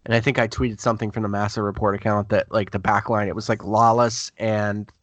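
A man's voice: fairly low pitch, flat delivery, fairly quick, fairly bright tone, dry recording. Guy rambling thru stories on a podcast, dry close sound, acts out the quotes. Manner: chatty, rambling storyteller who acts out quotes. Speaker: guest, sports beat writer. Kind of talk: casual podcast conversation.

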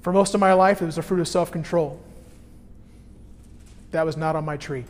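A male pastor preaching a sermon, telling a personal story with animated swings between quiet, low moments and loud bursts. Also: moderate pace, big-room sound, slight background noise.

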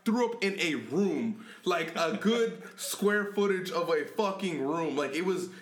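A young man co-hosting a podcast, telling a story in a casual chat, animated, laughing often and swearing a lot. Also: high voice, measured pace. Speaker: podcast co-host. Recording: echoey room.

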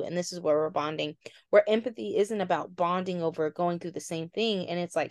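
Low-voiced woman co-hosting a podcast. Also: brisk, no echo, clean studio sound. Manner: explains calmly with examples and quoted dialogue. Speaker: podcast co-host. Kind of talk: casual chat.

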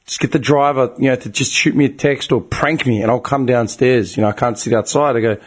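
A man's voice: medium pitch, fairly quick, hardly any pauses, slightly rough. A young Australian man telling a long, profane and exasperated story in casual talk, his voice getting tired and strained. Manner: profane, exasperated storytelling with bursts of animated outrage. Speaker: group chat regular.

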